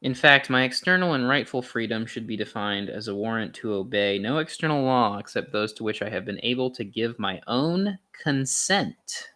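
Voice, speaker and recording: A young man reading a philosophy text aloud in a casual way, pausing often with ums and restarts and adding wry, sarcastic asides. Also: mid-range voice, expressive, bright, forceful tone. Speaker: channel host reading aloud.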